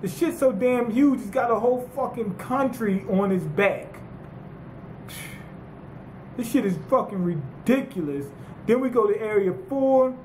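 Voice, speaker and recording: A man giving a casual, profane manga chapter review, rambling and excitable with lots of fillers. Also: sits high, a little slow, pauses often, echoey room, a little hiss or hum, rough recording.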